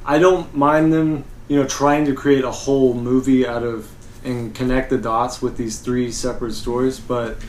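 A man in casual podcast chat, giving his take on a film in a halting way with many fillers. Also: medium pitch, flat delivery, darkish tone. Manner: hesitant, halting, lots of fillers. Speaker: podcast co-host. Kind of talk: casual movie review chat. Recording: roomy echo with faint background noise.

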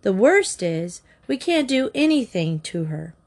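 A woman's voice: mid-range voice, very animated, measured pace, a little mellow. A woman reading a storybook aloud, voicing a shy, hesitant younger sister. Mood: worried. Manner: hesitant, plaintive. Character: timid young girl, the little sister, worried.

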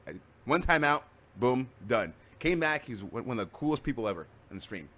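Fast-talking man telling stories. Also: medium pitch. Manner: rambling, animated storytelling with many restarts. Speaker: streamer. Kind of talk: casual chat.

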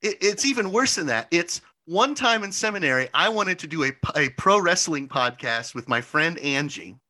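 A man's voice: fairly high pitch, animated, normal speed, pushed and bright. A young man in a casual podcast chat, telling a long story with lots of restarts, "like" fillers and casual swearing. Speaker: podcast co-host.

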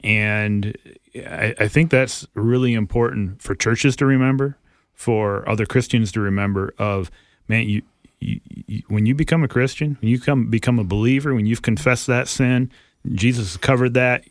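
A man's voice: medium pitch, normal speed, no room sound, clean studio sound. A man co-hosting a faith podcast, speaking in an encouraging, preacherly way. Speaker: podcast co-host. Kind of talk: casual faith podcast chat.

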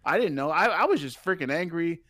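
Man, podcast co-host, lively swinging pitch, dry close sound, profane storyteller. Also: a little fast, no room sound. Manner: profane, animated, laughs while telling. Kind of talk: casual storytelling chat.

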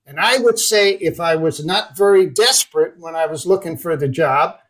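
An older man from the Netherlands, a guest in an interview, telling a personal story in a lively way and acting out the lines of the people in it. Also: on the high side, normal speed, low-quality recording. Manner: animated storyteller who acts out dialogue. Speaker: guest investor.

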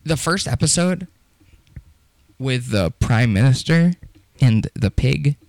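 A man's voice: medium pitch, lively intonation, takes it slowly, a little mellow, no room sound. Laid-back man, casual slang. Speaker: podcast co-host. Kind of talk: casual chat.

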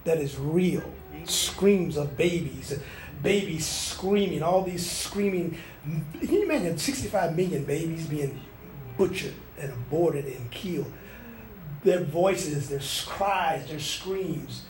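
A man's voice: fairly high pitch, animated, slow pace, a little mellow, roomy sound, distant mic, rough recording. A man delivering a sermon as a preacher, with fervent, repetitive exhortation.

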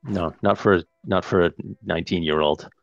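A man with a very low voice, recapping a film in easy podcast chatter. He slips into quick impressions of the characters as he retells the plot. The recording sounds dry and slightly muffled. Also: vocal fry, no echo, soft background music. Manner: animated retelling with quoted dialogue. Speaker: podcast co-host. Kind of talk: casual chat recapping a film.

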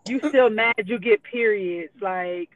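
This guest caller has a medium-pitched voice and takes her time, with no echo in the sound. Over a tinny phone line she reads out messages during a live call, blunt and profane, laughing between them.

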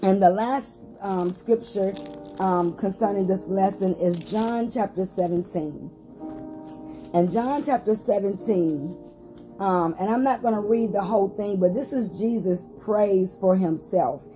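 A woman's voice: medium pitch, unhurried, over music. A woman pastor hosting a short podcast Bible study, reading scripture aloud with rising emphasis and some hesitant fillers.

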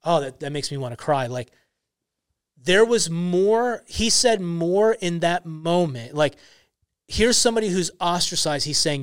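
A man's voice: on the high side, expressive, unhurried, smooth, no room sound. Earnest young man, dry close sound. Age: young adult. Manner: earnest, emphatic storytelling with many "like" fillers. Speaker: podcast guest, ministry founder. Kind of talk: casual faith podcast talk.

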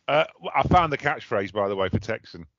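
A man's voice: lowish voice, animated, a little fast, a bit bright, no echo. Chatty man, lo-fi podcast. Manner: chatty, looks things up while talking, self-interrupting. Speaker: podcast co-host. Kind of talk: casual chat. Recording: dull lo-fi dry recording.

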